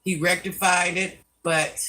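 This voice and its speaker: A woman's voice: fairly low pitch, level tone, unhurried, pushed and bright, distant mic, low-quality recording. An older woman hosting a live stream, scolding commenters by name and chatting with viewers. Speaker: livestream host.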